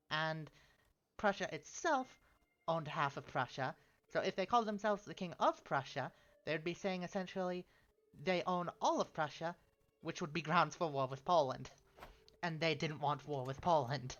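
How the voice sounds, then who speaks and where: A woman with a British Isles accent streaming a strategy game, chatting to viewers, reading event text aloud and breaking into excited cries. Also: sits low. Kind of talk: casual game stream chat. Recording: dull lo-fi stream audio with faint music.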